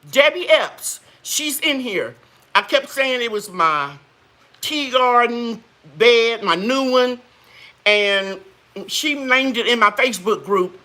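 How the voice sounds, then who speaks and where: A woman's voice: a little high, sharp tone. A woman hosting a live gardening chat, folksy and chatty, greeting viewers and laughing often. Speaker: gardening channel host.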